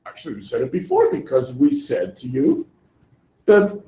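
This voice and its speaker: A man teaching a Torah class in an animated way, acting out voices and laughing often. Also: mid-range voice, moderate pace. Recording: echoey room.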